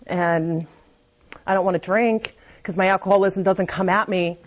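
A woman's voice: on the low side, fairly even intonation, moderate pace, dull audio. A woman speaking candidly at a recovery meeting, giving a confessional personal testimony and often restarting her sentences.

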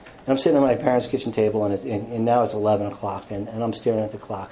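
A man telling his own recovery story to an audience in a rambling, self-deprecating way, full of restarts and quick impressions of other people. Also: lowish voice, fairly even intonation, dark tone, rough recording. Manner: acts out others with quick quoted voices. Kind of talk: personal recovery talk to an audience.

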